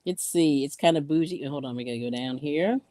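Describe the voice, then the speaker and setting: A woman's voice: low voice, a little fast, mellow, dry recording. A woman hosting a casual craft live stream, chatting and laughing often as she reads out viewer comments while sewing in yarn ends.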